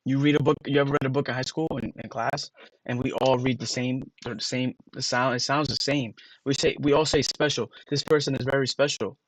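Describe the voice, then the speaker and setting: A man's voice: medium pitch, steady tone, fairly quick, dry recording, rough recording. A man on a casual livestream, rambling to his chat and sounding out words letter by letter with emphatic disbelief.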